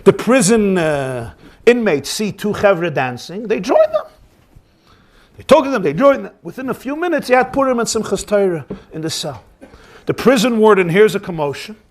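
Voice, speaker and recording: A rabbi telling a story in the manner of a sermon. His high-pitched voice is lively and animated, and he builds the scene with energy. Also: normal speed.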